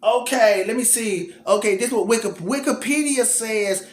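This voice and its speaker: A man's voice: sits high, moderate pace, echoey room. A man hosting casual tennis commentary, thinking aloud and repeating himself as he goes.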